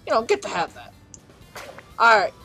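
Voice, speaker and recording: A fairly high-voiced woman chats through a game with a young child, her pitch swinging up and down as she laughs often and coaxes her along. Soft chiptune music plays quietly underneath. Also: very animated, moderate pace, vocal fry. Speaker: gameplay video host playing with a child. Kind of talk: casual let's-play chat. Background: faint chiptune music.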